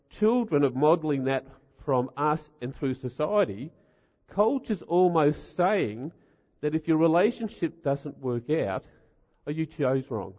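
Here a middle-aged man's sermon turns into comic storytelling, wry and animated, peppered with rhetorical asides. For a man his voice is a bit high, and the recording sounds dull, ringing out in a long hall reverb.

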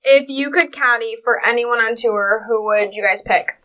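Bright-voiced young woman, cheerful. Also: a little high, moderate pace, low-quality recording. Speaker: podcast intern. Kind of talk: casual chat.

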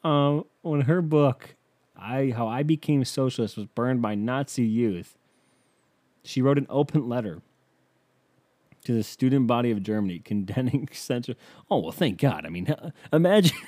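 A man's voice: medium pitch, expressive, moderate pace, warm tone, no room sound. A man hosting a comedy podcast, reading a biography aloud and riffing on it in an irreverent, sarcastic, profane way. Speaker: podcast host.

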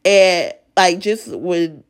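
Raspy-voiced woman sharing emotional testimony. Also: fairly low pitch, extremely slow. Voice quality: raspy voice from sinuses. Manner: emotional, earnest faith testimony with stutters and restarts. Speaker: Bible study leader. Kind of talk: casual devotional talk.

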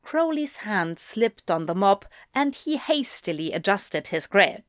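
A woman narrating a fan fiction story in an audiobook reading, in measured storytelling. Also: medium pitch, sing-song, no echo, studio quality.

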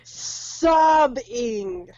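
A woman's voice: on the high side, expressive, very slow, a little mellow, no echo, dull audio. A woman in casual chat, emphatic and swearing, ranting about a film. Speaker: podcast co-host.

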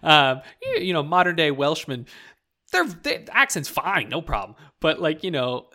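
A man's voice: fairly high pitch, huge pitch swings, moderate pace, pushed and bright. A young man chatting casually as a podcast co-host, rambling with lots of "like" fillers. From rural Canada. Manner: rambling, full of "like" fillers, laughs often. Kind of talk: casual chat about video games.

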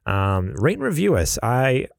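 A man's voice: mid-range voice, huge pitch swings, unhurried, vocal fry, smooth, no room sound, clean studio sound. A man co-hosting a casual gaming podcast, talking in a laid-back, rambling way with lots of fillers. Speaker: podcast co-host.

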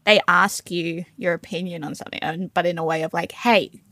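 A woman's voice: on the low side, level tone, a little fast, bright, forceful tone, no echo. A young woman, telling stories in casual podcast chat and acting out other people. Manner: storytelling, acts out other people in put-on voices. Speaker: podcast co-host.

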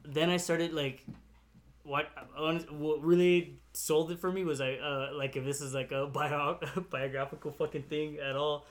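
A man's voice: on the high side, fairly even intonation, normal speed. A man co-hosting a casual chat with friends, telling a childhood story in a rambling way, laughing often and swearing freely. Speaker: podcast co-host.

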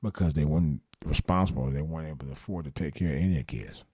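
A man's voice: extremely low pitch, rapid-fire, dark tone, husky, no room sound, clean studio sound. A man in his fifties hosting a live late-night call-in show, talking earnestly and bluntly, repeating himself and swearing now and then. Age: 50s.

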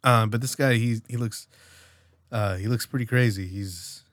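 A man's voice: on the low side, fairly even intonation, normal speed, fairly bright tone, no echo, clean studio sound. A man in his late twenties co-hosting a podcast, rambling casually with lots of fillers and swearing. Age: late 20s. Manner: rambling, loose, profane, many fillers. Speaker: podcast co-host.

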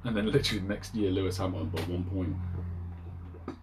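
A man's voice: deep voice, steady tone, moderate pace, noisy background. A man, co-hosting a podcast in a casual, jokey chat and laughing often. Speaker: podcast co-host.

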